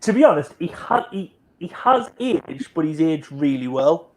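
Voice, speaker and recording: A man's voice: a little high, big pitch swings, normal speed, a little mellow, slight background noise. A man in his forties hosting a casual live-stream chat, joking and teasing his guests. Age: 40s. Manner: jokey, teasing. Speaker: host.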